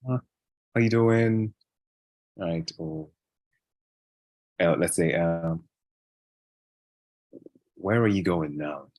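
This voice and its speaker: A man chatting casually as an interview guest, relaxed and rambling, with many fillers and restarts. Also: sits low, drawn-out words, pauses often. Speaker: guest English speaker.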